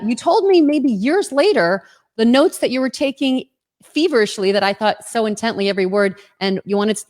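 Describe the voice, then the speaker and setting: Enthusiastic woman hosting over a video call. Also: a little high. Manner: enthusiastic, repeats phrases. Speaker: host. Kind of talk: livestream interview.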